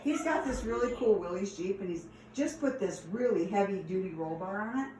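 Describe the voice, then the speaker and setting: A woman telling stories from her past in a casual, animated way, laughing and acting out the lines. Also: mid-range voice, fairly quick, slight background noise. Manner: animated, laughing, acts out quotes. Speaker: storyteller. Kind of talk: casual storytelling. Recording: echoey room, distant mic.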